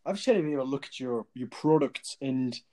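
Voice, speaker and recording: A laid-back company director who drops slang like "rad" and "man", played by a man. His voice is mid-pitched and easygoing. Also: expressive, fairly quick, mellow, lightly acted.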